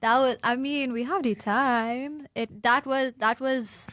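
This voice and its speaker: A young woman with a Trinidadian accent chatting playfully on a student podcast, with quick interjections and laughter. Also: sits high, steady tone, fairly bright tone. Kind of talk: casual chat.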